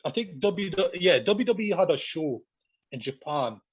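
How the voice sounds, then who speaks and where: A man's voice: a little high, animated, moderate pace, slightly rough. A man, a podcast guest telling a story in casual chat, swearing a lot, laughing and acting out what people said. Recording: dull lo-fi podcast audio.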